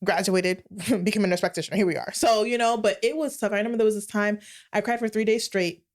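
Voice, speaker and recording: A woman in her late twenties, co-hosting a podcast and telling her own story in candid casual chat, with big expressive swings in her voice. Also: medium pitch, fast talker. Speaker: podcast co-host.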